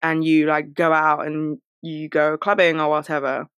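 A young woman talking casually to listeners and giving friendship advice, full of fillers, her voice jumping high when she gets excited. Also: moderate pace, clean tone, dry recording.

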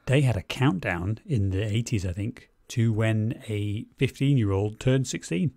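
A man co-hosts a film podcast in a casual, opinionated chat. His voice sits low, and the sound is close and dry with no room around it. He gets animated and swears now and then for emphasis. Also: measured pace, gravelly, no room sound. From Scotland. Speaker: podcast co-host.

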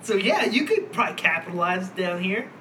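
High-voiced joking man, noisy room. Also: sing-song, a little fast, bright, forceful tone. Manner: joking, laughs often, swears freely. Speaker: podcast co-host. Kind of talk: casual chat. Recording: noisy background.

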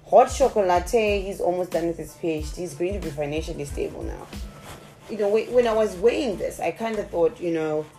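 Woman spilling a story to her viewers, lowish voice, little music underneath. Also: a little fast. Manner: chatty, animated, talks straight to viewers. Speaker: vlogger. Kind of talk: casual storytime monologue.

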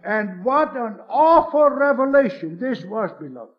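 A man's voice: very high-pitched, sing-song, a little slow, dull audio, faint music behind. A man preaching a sermon, earnest and emphatic, calling his listeners beloved.

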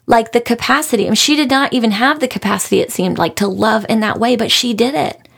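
A woman's voice: a little high, quick pace, vocal fry, fairly bright tone. A woman hosting a podcast, talking through a book she loved in an earnest, emotional, heartfelt way. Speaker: podcast host. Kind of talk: casual book review monologue.

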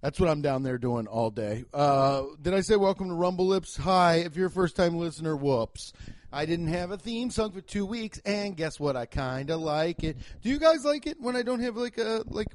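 A man's voice: high voice, expressive, moderate pace. A young man hosting a podcast in casual chat, rambling and interrupting himself, with frequent swearing. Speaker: podcast host and comedian.

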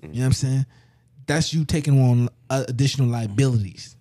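A man's voice: mid-range voice, a little fast, dark tone. A young man hosting a podcast in casual chat, laid-back and slangy, laughing often. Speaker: podcast host.

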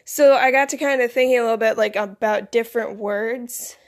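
A woman's voice: on the high side, steady tone, a little fast. A teenage girl rambling casually to camera, with plenty of "like" and "you know". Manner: filler-heavy, rambling, lots of "like". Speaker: vlogger.

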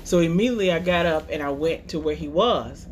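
A woman's voice: low-pitched, a little fast, slight background noise. Woman coach telling a personal story. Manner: conversational, hesitant with fillers and restarts. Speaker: marriage coach.

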